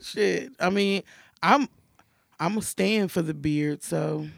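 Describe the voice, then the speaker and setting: A man's voice: high voice, slow pace, gravelly, fairly bright tone, no room sound, studio quality. A man on a casual podcast speaking bluntly and profanely, laughing as he goes. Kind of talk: casual crude podcast banter.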